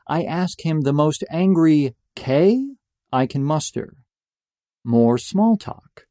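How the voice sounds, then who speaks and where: A young man tells a personal story with deadpan, mock-epic phrasing. His mid-pitched voice is mellow and warm. It sounds close and completely dry. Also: no room sound.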